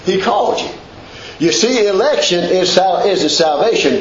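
A man's voice: sits high, lively intonation, a little slow, pauses often, reverberant, muffled recording, slight background noise. A man preaching a sermon in a church, repeating phrases with rising emphasis.

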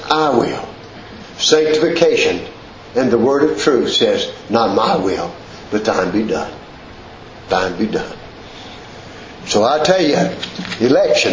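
A man's voice: on the high side, echoey room, dull audio, slight background noise. A man preaching a sermon in a church, repeating phrases with rising emphasis.

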